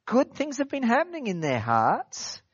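High-voiced man preaching a sermon. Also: huge pitch swings, moderate pace, husky, no echo, lo-fi sound. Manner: conversational, repeats phrases and asks rhetorical questions. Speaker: pastor. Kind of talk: expository sermon.

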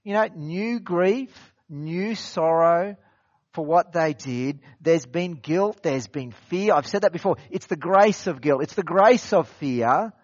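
A man's voice: on the high side, lively intonation, takes it slowly, no room sound, lo-fi sound. A man preaching an expository sermon in a conversational way, repeating phrases and asking rhetorical questions. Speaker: pastor.

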